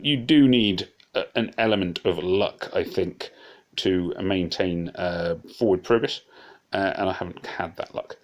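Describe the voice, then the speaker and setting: Rambling man with a lowish voice. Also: slight background noise. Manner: rambling, self-deprecating, many fillers and restarts. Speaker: game commentator. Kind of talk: casual gameplay commentary.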